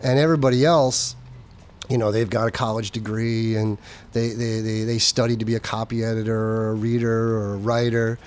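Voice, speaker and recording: A middle-aged man, a former journalist, reminiscing in relaxed casual chat with dry humor. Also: fairly low pitch, a little fast. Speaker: guest, former staff journalist.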